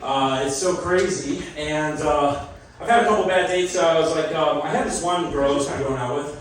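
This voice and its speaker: A middle-aged man with a fairly high, brisk voice does a loose, rambling stand-up set on a club stage, laughing at his own jokes. He sounds far from the mic, with slight hiss or hum, echoey club acoustics, and a loud crowd.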